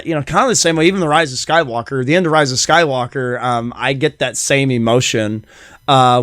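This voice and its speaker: A man's voice: medium pitch, a bit bright, clean tone, no room sound, studio quality. A middle-aged man hosting a casual solo podcast, rambling enthusiastically with many fillers. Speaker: podcast host.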